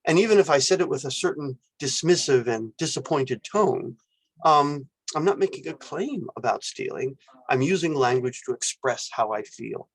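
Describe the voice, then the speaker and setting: A man's voice: medium pitch, lively intonation, normal speed. A man lecturing on philosophy, explaining ideas step by step and acting out example phrases with exclamations. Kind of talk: recorded university lecture.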